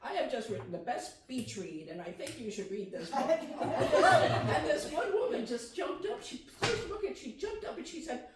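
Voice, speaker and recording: Pennsylvania woman, author, animated storyteller, wide-ranging pitch, distant and noisy. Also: normal speed, hardly any pauses. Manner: animated storyteller, self-deprecating. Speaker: author on a panel. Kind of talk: anecdotal panel talk. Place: library meeting room. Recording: echoey room from far off, noisy.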